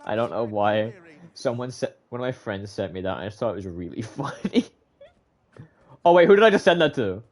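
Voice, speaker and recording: Swearing male game streamer, lively pitch. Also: fairly quick. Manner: swears freely, laughs, bursts into shouts. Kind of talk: casual live game streaming.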